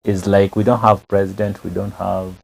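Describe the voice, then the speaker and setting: Man, low pitch, dark tone, casual chat, halting, brief agreeing replies. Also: flat delivery, gravelly, rough recording.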